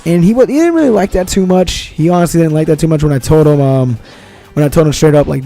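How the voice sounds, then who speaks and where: Young guy venting a long story, high voice but mellow tone, swears a lot, says bro and man constantly, faint music behind. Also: fast. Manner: rambling and profane, repeating himself, slangy with "bro" and "man". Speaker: vlogger. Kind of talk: casual storytelling.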